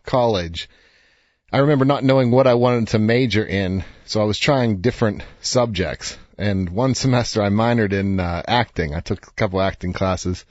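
A man's voice: on the low side, normal speed, darkish tone, no echo, highs cut off. Earnest, encouraging man around fifty. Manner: earnest and encouraging, loose with fillers. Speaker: author and speaker. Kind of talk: motivational direct-to-camera talk.

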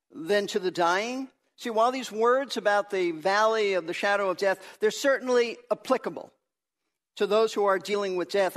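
High-voiced pastor teaching. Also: male voice, fairly bright tone. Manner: earnest, emphatic teaching. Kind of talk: sermon.

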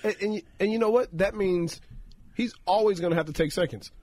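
A man's voice: high-pitched, brisk, a little mellow. A man co-hosting a casual podcast, playful and self-mocking, who laughs often. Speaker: co-host.

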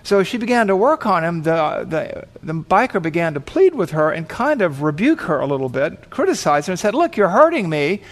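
A man's voice: on the high side, very animated, brisk, few pauses. A man preaching, telling a vivid story and acting out the voices of the people in it. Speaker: pastor. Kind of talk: sermon storytelling.

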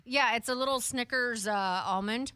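A woman co-hosting a podcast in relaxed, casual chat, telling stories. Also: a little high, normal speed, smooth, no echo. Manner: relaxed, storytelling. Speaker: podcast co-host.

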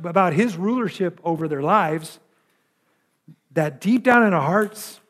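A man pastor preaching a sermon in a conversational way, with frequent "right?" asides and emphatic rises. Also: high-pitched.

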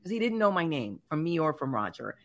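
A middle-aged woman hosting a talk show, telling a personal faith story in an earnest, animated way with many fillers. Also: deep voice, brisk.

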